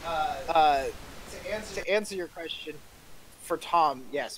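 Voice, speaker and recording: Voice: medium pitch, moderate pace, slight background noise, poor audio. A game master narrating a tabletop game, describing scenes with frequent laughter. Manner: laughs often, animated describing.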